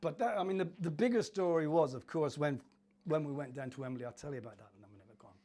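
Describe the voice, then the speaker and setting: Older cornish guy, ex-footballer, slightly high voice, chatty stories, laughs a lot and does everyone's voices. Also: fast talker, warm tone. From Cornwall, England. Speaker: former footballer, interview guest. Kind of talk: anecdotal interview storytelling.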